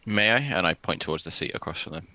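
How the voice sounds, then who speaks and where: A man playing a tabletop game, speaking in a playful, lively way. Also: deep voice, fast, a little hiss or hum. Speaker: player. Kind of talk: casual tabletop game play.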